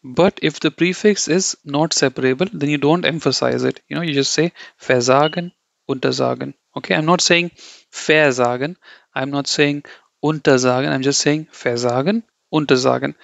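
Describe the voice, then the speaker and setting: Gravelly man teaching German grammar. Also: fairly high pitch, a little fast, few pauses, a bit bright, dry recording. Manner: loose, repetitive, says "okay" and "you know" a lot; corrects himself mid-sentence. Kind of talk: explaining grammar to learners. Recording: dull, dry lo-fi audio.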